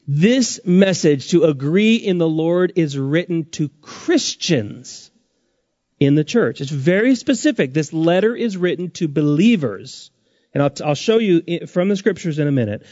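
A man preaching a sermon as pastor, his pitch rising and dropping sharply for emphasis. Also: lively intonation, moderate pace, mellow, no room sound, lo-fi sound.

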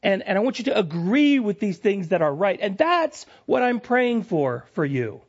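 Pastor, male, higher voice, lively preaching swinging emphatic to hushed; lo-fi church recording. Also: normal speed. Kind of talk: sermon. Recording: lo-fi dull sound.

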